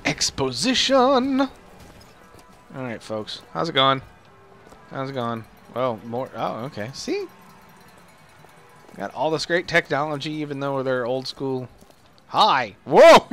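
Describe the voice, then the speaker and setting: A man's voice: medium pitch, fairly bright tone. A young man joking and laughing as he comments on a video game. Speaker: gamer. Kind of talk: let's play commentary.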